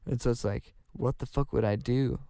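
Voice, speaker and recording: A young man co-hosting a crude comedy podcast, asking rambling, halting questions full of restarts and swearing. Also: mid-range voice, fairly even intonation, warm tone, no room sound, studio quality. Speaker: podcast co-host.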